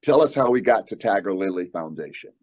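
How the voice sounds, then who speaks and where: A man's voice: deep voice, animated, brisk, a little mellow, dull audio. A man hosting a podcast, asking a question hesitantly and repeating his words. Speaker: podcast host. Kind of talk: interview question.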